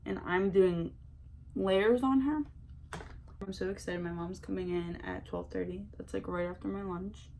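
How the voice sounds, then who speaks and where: A young woman talks through her makeup routine in a loose, excitable way, packing her sentences with "like" and slang. Her voice has a gravelly, creaky texture, and faint noise sits under it. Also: medium pitch, normal speed. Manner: chatty and excitable, full of "like" and slang. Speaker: beauty vlogger. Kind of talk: casual chat while doing makeup.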